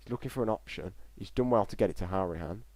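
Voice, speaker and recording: A man's voice: deep voice, quick pace, darkish tone, no echo. A young man giving live, chatty football reaction commentary on a stream, rambling between play calls and chat replies.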